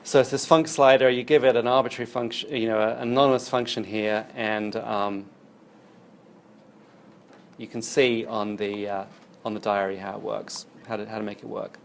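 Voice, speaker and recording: A man's voice: lowish voice, fairly even intonation, normal speed, gravelly. A man giving a recorded university lecture, explaining while he demonstrates on screen and thinks aloud.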